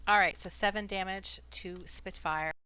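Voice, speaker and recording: Bright-voiced woman running a tabletop game. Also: medium pitch, steady tone, normal speed, clean tone, dry recording. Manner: chatty, playful narration. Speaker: dungeon master.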